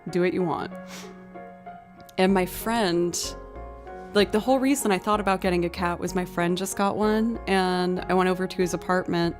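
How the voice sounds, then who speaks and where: A woman's voice: lowish voice, normal speed, soft background music. Chatty woman streamer telling stories. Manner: chatty storytelling, giggles often. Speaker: musician live-streamer. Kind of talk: casual live-stream chat. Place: home desk setup.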